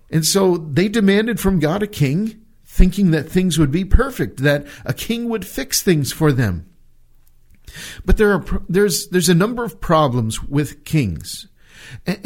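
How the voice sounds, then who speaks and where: A man from the United States delivers a sermon in a slightly high voice. He speaks earnestly, often restarting and repeating words. He slows down to press his key points home. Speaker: pastor.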